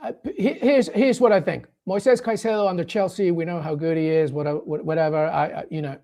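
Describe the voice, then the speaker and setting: Male journalist guest, gravelly slightly high voice, eager, restarts a lot. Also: steady tone, a little fast, dark tone. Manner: enthusiastic, stumbles over starts, thinks aloud. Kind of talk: casual radio phone-in discussion.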